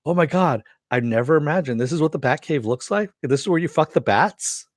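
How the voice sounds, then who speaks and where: A man voicing a giddy, crude young woman antihero, raised in pitch. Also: lively intonation, fairly quick, dry recording, studio quality, natural voice. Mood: gleeful. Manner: gleeful, crude.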